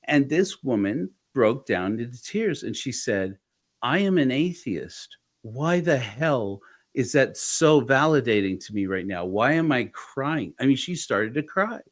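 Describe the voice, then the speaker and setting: A middle-aged man hosts a relaxed podcast conversation. He tells long anecdotes with energy and slips into the voices of the people he quotes. His voice sits at an ordinary pitch for a man. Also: a little slow. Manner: animated storyteller, acts out quoted voices. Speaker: podcast host.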